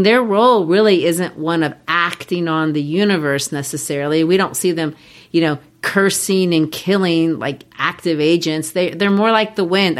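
A woman co-hosting a podcast, explaining a play and tapping out its rhythms aloud, laughing easily. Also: lowish voice. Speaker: podcast co-host. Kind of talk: casual literary discussion.

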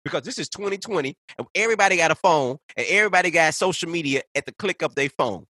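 A man's voice: on the high side, expressive, quick pace, bright, forceful tone, dry recording. A man ranting in casual conversation, heated and profane, piling up point after point. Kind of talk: casual podcast rant.

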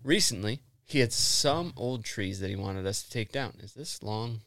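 Podcast dude reading a story out loud, laughs a lot, swears, trips over words. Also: male voice, on the low side, expressive, normal speed. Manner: laughs often, crude swearing, restarts while reading. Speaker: podcast co-host. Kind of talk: casual chat, reading an article aloud.

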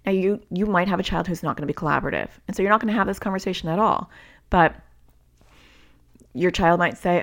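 A woman's voice: fairly low pitch, quick pace, fairly bright tone. A middle-aged woman hosting a parenting podcast, explaining step by step in a conversational way with casual fillers. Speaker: parenting podcast host and coach. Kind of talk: solo podcast advice talk.

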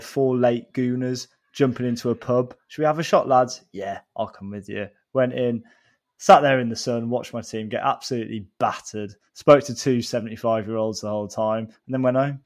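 A man's voice: mid-range voice, little pitch movement, moderate pace, darkish tone. A man on a podcast, telling a story in short clipped sentences. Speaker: podcast co-host. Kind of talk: casual chat.

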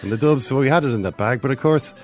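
A man's voice: mid-range voice, fast, faint music behind. A man telling a comic story as a regular show segment, wry and yarn-spinning. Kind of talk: comic monologue.

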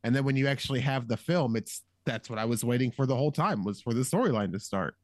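A man co-hosting a casual movie review chat, playful and quick to act out what people say. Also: medium pitch, a little mellow, no echo. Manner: playful, acts out quotes. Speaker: podcast co-host.

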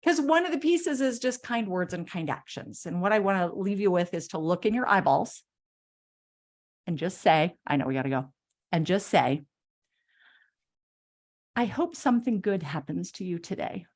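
A woman's voice: on the low side, expressive, normal speed. A middle-aged woman, a self-love coach, giving an enthusiastic motivational talk to a group and acting out little quotes in a playful way.

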